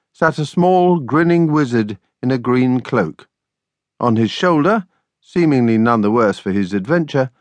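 Expressive man reading a children's story. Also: medium pitch, dry recording. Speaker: audiobook narrator. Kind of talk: scripted children's audiobook narration.

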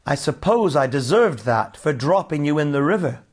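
A man voicing a cheerful, gentle young husband with a playful, coaxing way of talking. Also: a little high, lively intonation, moderate pace. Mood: rueful.

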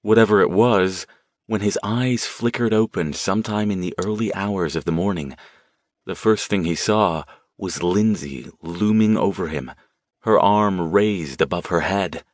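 A low-voiced man reads a supernatural thriller audiobook in a tense, measured way. The recording is dry and close, with no room sound. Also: no room sound. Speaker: audiobook narrator. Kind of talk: scripted narration.

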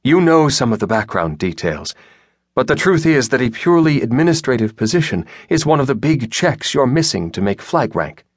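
A calm, commanding senior admiral, voiced by a male audiobook reader who sounds apologetic yet never leaves room to argue. The voice sits higher than the reader's own low register. It is recorded close and dry, with no room sound. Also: breathy edge, dry recording. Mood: measured. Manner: measured, apologetic yet firm.

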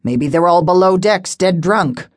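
A woman voicing an old, superstitious male harbor pilot who talks gruffly and mutters. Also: lowish voice, lively intonation, unhurried, dry recording, clean studio sound.

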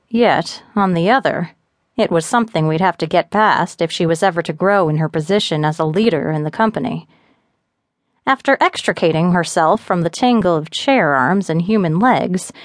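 A woman narrates an audiobook in a steady, even storytelling manner. Her voice is fairly low for a woman. The recording is dry and close, with no room echo.

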